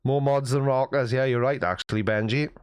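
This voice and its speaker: A man's voice: mid-range voice, steady tone, fairly quick, clean tone. Male streamer, dry self-deprecating humor, casual chat with viewers, mid-range voice. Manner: wry, self-mocking banter. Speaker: livestream host reading chat.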